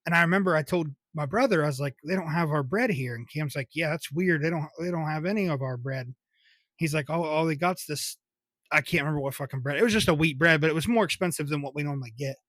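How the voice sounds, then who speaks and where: A man's voice: fairly high pitch, fast, fairly bright tone, no echo. A young man, hosting a podcast and telling casual, rambling childhood stories with swearing and laughter. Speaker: podcast host. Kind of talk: casual solo storytelling.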